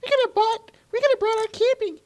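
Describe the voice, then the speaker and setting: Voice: very high voice, fairly even intonation, fast, a little mellow. A voice actor playing a youthful, playful moon princess who reads her lines cheerily, in a comic read aloud with voices.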